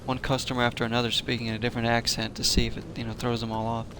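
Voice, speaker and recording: A man's voice: medium pitch, monotone, racing, a bit bright, slight background noise. A man hosting a casual let's-play, chatting and joking with viewers and laughing often as he plays. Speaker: gaming channel host.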